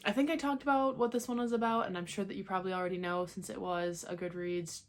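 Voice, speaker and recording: A woman's voice: medium pitch, steady tone, fast. A young woman chatting casually in a reading vlog at home, talking in a loose, chatty way with lots of filler words. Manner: chatty, many "like" fillers, laughs easily. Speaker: book vlogger.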